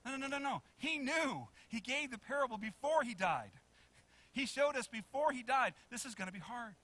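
A male pastor preaching a sermon in a church, animated, acting out quotes and asking the congregation questions. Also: very high voice, moderate pace. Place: church sanctuary.

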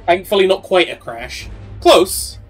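A man's voice: high voice, lively intonation, measured pace, recorded from a distance, soft background music. A man doing casual, joking let's play commentary as a game host. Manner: joking, chatty, playful. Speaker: gaming host.

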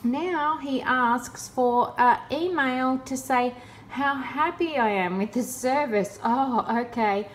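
A woman's voice: high voice, takes it slowly, slight background noise. A woman in a casual vlog, talking in a sarcastic, exasperated way. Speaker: vlogger.

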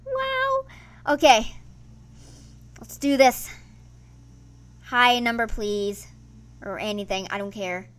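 A woman hosting her gaming channel, giving casual let's-play commentary in an excitable, playfully grumbling way. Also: a little high, takes it slowly, pauses often.

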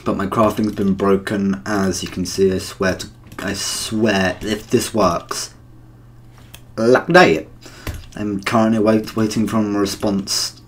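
A British man talks through his gameplay in a loose, rambling way, often making fun of himself. His voice sits on the lower side. A faint hum of room ambience sits under it. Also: level tone, slow pace. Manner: chatty, rambling and self-deprecating. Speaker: gaming channel host. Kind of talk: casual gameplay commentary.

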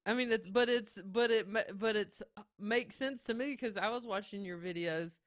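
A woman with a Southern US accent hosting a casual chat, easygoing and quick to laugh along. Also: medium pitch, no echo, clean studio sound. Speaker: host.

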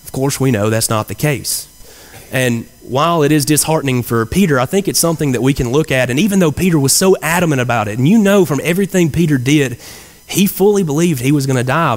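A man's voice: mid-range voice, brisk. A man preaching a sermon in a church, earnest and conversational, with frequent fillers and restarts. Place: church sanctuary. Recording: church hall reverb.

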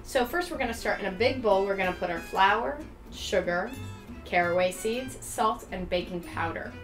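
A woman's voice: mid-range voice, moderate pace, faint music behind. A woman hosting a web show and walking through a cooking demo in a chatty way. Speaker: host.

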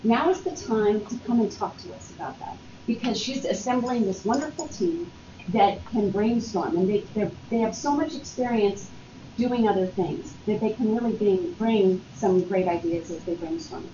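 A woman moderating a workshop sounds upbeat and encouraging and laughs easily. The recording is muffled and roomy, with steady noise behind her. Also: medium pitch, normal speed. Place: meeting room.

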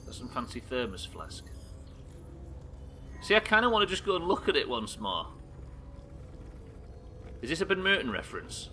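A man from the UK streaming a game live, swearing often and reacting loudly between muttered asides. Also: mid-range voice, wildly swooping pitch, normal speed, long pauses, soft background music. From United Kingdom. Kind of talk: live gameplay commentary.

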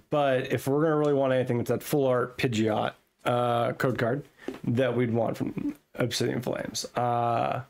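A man casually chatting and thinking aloud as he opens trading card packs at a home desk setup, getting excitable over his pulls. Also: medium pitch, gravelly. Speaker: card-opening vlogger. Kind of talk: casual unboxing chat.

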